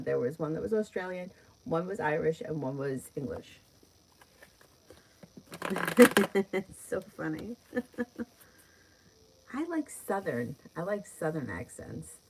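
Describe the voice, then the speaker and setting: A middle-aged woman with a New York accent, giving tarot readings on a live stream. She talks in a chatty, easygoing way and laughs often as she answers viewers. Her voice sits a little low for a woman. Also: big pitch swings, takes it slowly, pauses often, slight background noise, rough recording. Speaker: tarot reader.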